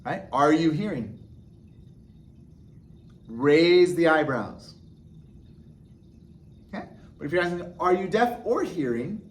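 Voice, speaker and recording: A man with a fairly high-pitched voice explains signs to learners one step at a time. He talks patiently and pauses often to check in with a quick "okay?" before moving on. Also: lively intonation. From United States. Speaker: sign language teacher. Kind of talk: instructional explanation.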